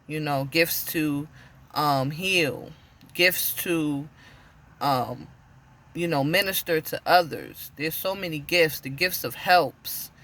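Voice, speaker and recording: Earnest woman preaching, bright voice. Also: sits low. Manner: earnest, asks many direct questions; repeats phrases, often pauses with "you know" and "um". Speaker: spiritual teacher. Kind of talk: informal sermon to camera.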